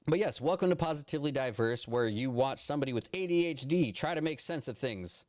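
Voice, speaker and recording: Casual male streamer, mid-pitched, swears freely, rambles through politics on a phone, dry close mic. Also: expressive, fairly quick, few pauses, dry recording. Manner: rambling, swears often, restarts and fillers. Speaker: live stream host.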